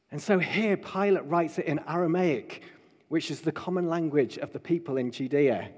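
A man preaching a sermon to his congregation, building emphatically to loud proclaiming peaks. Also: fairly high pitch, normal speed. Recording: long hall reverb.

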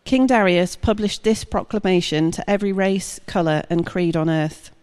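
Lady reading scripture out loud, lowish voice, steady and measured. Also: clean tone, in a large hall. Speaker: scripture reader.

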